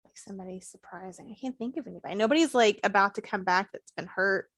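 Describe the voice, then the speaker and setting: A woman's voice: medium pitch, quick pace, a bit bright, no echo, clean studio sound. A woman co-hosting a casual wrestling podcast, laid-back and mostly chiming in with short replies. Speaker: podcast co-host.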